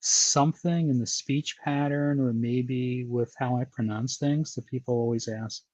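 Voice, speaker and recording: American guy hosting a podcast, mid-pitched voice, rambles and repeats himself, dry close sound. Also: fairly even intonation, a little slow, darkish tone, no echo. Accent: American, with a touch of New York. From Baltimore, USA. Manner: rambling, with many repeated words and restarts. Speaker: podcast host. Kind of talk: casual interview chat.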